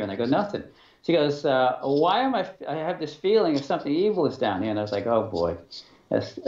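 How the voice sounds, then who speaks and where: A middle-aged man telling a personal story as an interview guest, halting and full of fillers and restarts, acting out dialogue. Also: mid-range voice, a little mellow. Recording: dull, roomy sound.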